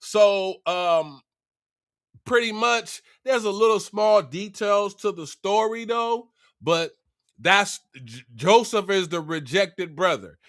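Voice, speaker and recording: A man retelling a Bible story in a casual, slangy and animated way. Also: high-pitched, takes it slowly.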